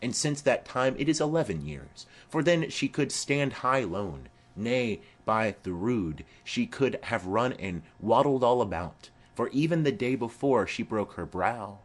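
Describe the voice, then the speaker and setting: A man's voice: medium pitch, lively intonation, unhurried, hardly any pauses. A man reading a play aloud, voicing a garrulous, rambling old nurse who fondly chatters on.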